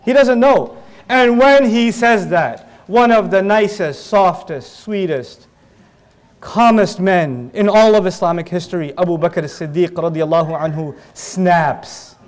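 A man giving a religious lecture as a lively story, joking and laughing often. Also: high voice, unhurried. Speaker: Islamic lecturer.

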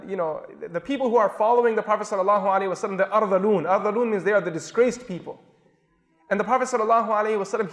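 A man's voice: sits high, big-room sound. A man telling a story in an impassioned sermon, repeating phrases for emphasis. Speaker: preacher.

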